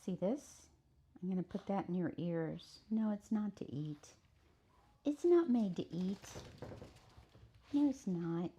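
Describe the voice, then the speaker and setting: A woman's voice: mid-range voice, expressive, slow pace, pauses often, mellow, slight background noise. A woman working as a dog groomer, talking to a dog in playful, sing-song baby talk and laughing often while she works in a grooming salon.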